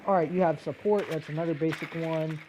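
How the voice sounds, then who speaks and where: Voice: mid-range voice, fairly even intonation, brisk, noisy background. A young adult hosting a gaming video, ranting in a casual, profane, rambling way with lots of fillers and restarts.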